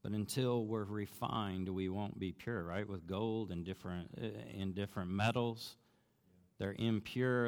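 A man preaching a sermon, telling a story in an earnest, conversational way that grows animated as he goes. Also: on the low side, a little slow. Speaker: pastor. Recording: long reverb of a large hall.

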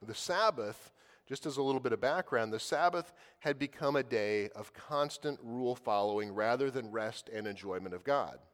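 A man's voice: medium pitch, animated, normal speed. Guy preaching casual-like, stumbles and repeats words, long echo from the hall. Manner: conversational, repeats words while thinking. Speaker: pastor. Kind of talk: sermon.

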